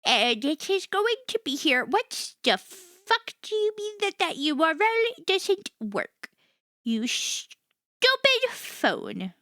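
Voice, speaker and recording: A woman's voice: very high voice, very animated, slow, fairly bright tone, no room sound, clean studio sound. A woman streamer chatting casually, ranting and swearing freely in a jokey, self-mocking way. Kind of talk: casual chat.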